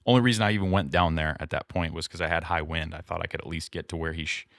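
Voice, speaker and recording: A man's voice: sits low, steady tone, quick pace, vocal fry, fairly bright tone, no echo, studio quality. A man co-hosting a podcast, telling a story in a casual, rambling way, full of "like" and restarts. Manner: rambling, filler-heavy retelling with many "like"s. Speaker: podcast co-host.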